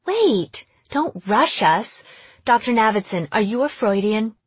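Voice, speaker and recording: A woman's voice: a little high, lively intonation, slightly rough, no room sound, pitched above the performer's own voice. A woman voicing a mocking teenage girl who acts possessed and fires sly questions. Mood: taunting. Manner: taunting, sly, rapid questioning.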